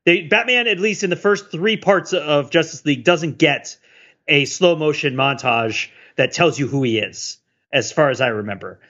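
A man's voice: a little high, normal speed, a bit bright. A man in casual chat about a film, working jokily through a list he prepared. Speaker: podcast co-host. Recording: dull lo-fi sound.

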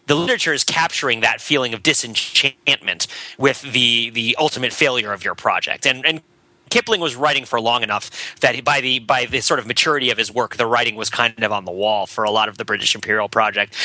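A man's voice: mid-range voice, a little fast, pushed and bright, no room sound, rough recording. A man co-hosting a casual literature podcast on a headset, rambling and restarting, laughing often as he talks. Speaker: podcast co-host.

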